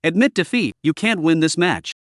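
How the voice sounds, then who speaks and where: A man reading the lines of a calm, mocking young male fighter in a story recap, close to his own narrating voice. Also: fairly high pitch, moderate pace, no echo, natural voice. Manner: faint, sneering.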